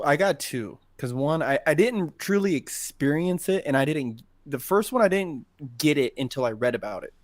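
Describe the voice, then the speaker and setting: With a mid-range voice and no echo, a man co-hosting a podcast shares a personal story. The chat is casual and emotional, and he swears plenty.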